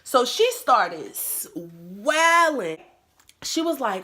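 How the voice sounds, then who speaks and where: A young woman recounts a school story in casual, slang-filled chat. Her voice is bright and a little high. She acts out the quotes with punch. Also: extremely slow. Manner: animated, acts out quotes in a louder voice; slangy, lots of "like" and "bro". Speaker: YouTuber.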